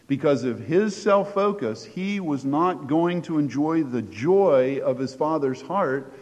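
A man with a slightly high voice preaches in a storytelling way, reading scripture aloud with growing force. His voice rings out with the long reverb of a large church hall. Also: lively intonation, slow, a little mellow, highs cut off. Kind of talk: sermon.

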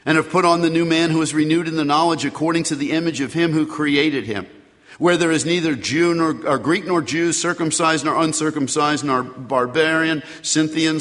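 A pastor preaching a sermon with emphatic delivery, reading scripture aloud and leading prayer. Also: male voice, a little high, a bit bright, big-room sound.

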